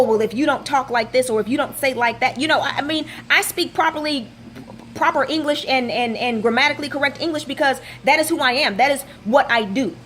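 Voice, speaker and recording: A woman fitness coach from Texas gives a motivational vlog rant, emphatically hammering home the same rhetorical questions. Her voice is high with a fairly bright tone, and there's a little hiss or hum.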